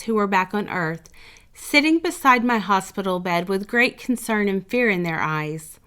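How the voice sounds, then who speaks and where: A woman calmly reading out a first-person story as the channel's narrator, in an even storytelling delivery. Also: medium pitch, clear, resonant tone. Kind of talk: scripted narration of a reader's story.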